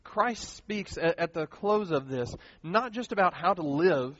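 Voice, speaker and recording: A man preaching a sermon as pastor, earnest and animated, repeating key phrases for emphasis. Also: fairly high pitch, unhurried, slight background noise. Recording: dull lo-fi sound, dry.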